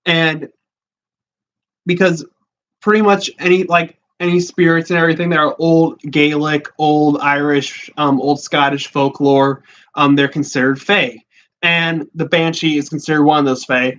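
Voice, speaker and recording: A man's voice: on the high side, little pitch movement, unhurried, fairly bright tone, slight background noise. A man hosting a casual livestream, talking in a chatty, rambling way with many fillers. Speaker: podcast host. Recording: dull lo-fi sound.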